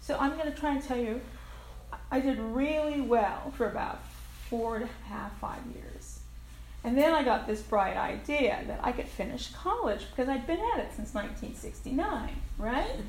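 An older woman with a fairly high voice tells her recovery story at a meeting, frank and plainspoken, with casual swearing and self-mocking laughs. Her voice rings around an echoey room with a faint ambience behind it. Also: animated, moderate pace, darkish tone, a little hiss or hum. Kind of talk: personal recovery share.

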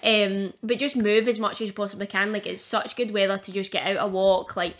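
Young Scottish woman, co-host and coach, rambling and loose with an easy laugh, pitched mid-range. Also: fairly even intonation, fairly quick. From Scotland. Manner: chatty, laughing often, rambling with lots of fillers. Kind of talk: casual podcast chat.

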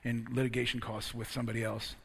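A man preaching a sermon, telling a personal story and building to loud, emphatic preaching. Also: medium pitch, level tone, fast talker, vocal fry, husky.

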